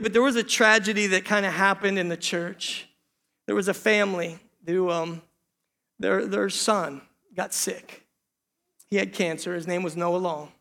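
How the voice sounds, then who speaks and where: A middle-aged man preaches to his congregation in an earnest, personal way, dropping self-deprecating jokes and calling out "church" again and again. His voice sits high and bright. The sound carries a long reverb from a church hall. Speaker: pastor. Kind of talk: sermon. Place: church sanctuary.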